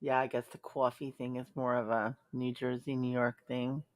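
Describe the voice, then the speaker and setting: A woman's voice: extremely low pitch, flat delivery, moderate pace. A woman hosting a live stream, chatting casually and bluntly with viewers, sarcastic and full of ums. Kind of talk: casual chat reacting to viewer comments.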